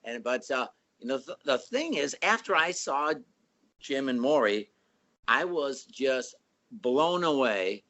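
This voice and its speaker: Older guest musician, storyteller who does voices, animated delivery. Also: male voice, mid-range voice, slow. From Chicago area, USA. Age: 60s. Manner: animated, acts out voices in stories. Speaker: band member guest. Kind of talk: casual storytelling.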